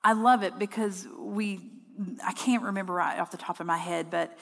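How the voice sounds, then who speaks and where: Woman, Bible study teacher, gravelly voice, emphatic and conversational, long hall reverb. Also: on the low side, fairly even intonation, normal speed, fairly bright tone. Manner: emphatic, repeats words for stress, conversational asides. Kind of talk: teaching sermon.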